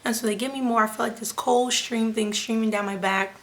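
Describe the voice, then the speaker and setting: A young woman vlogger telling a personal story to her viewers in an animated, chatty way, often saying "like" and "you guys.". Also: fairly high pitch, brisk. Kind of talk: casual storytelling to camera.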